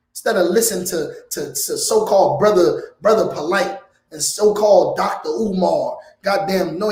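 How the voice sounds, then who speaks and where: A man preaching in a heated, blunt lecture, often ending his lines with "man". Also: high voice. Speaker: preacher teaching a class. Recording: echoey room.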